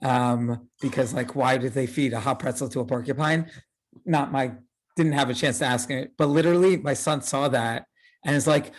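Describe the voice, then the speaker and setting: A man in his thirties gives a relaxed talk as a rabbi, peppering every point with fillers and quick tag questions. His voice sits at a plain middle pitch. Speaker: rabbi teaching a class. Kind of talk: casual lecture.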